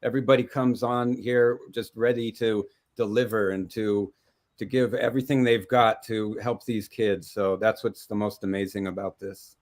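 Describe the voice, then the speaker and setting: A man co-hosting an online summit on a video call, earnest and halting, with frequent restarts. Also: fairly low pitch, level tone. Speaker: co-host. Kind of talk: casual livestream talk.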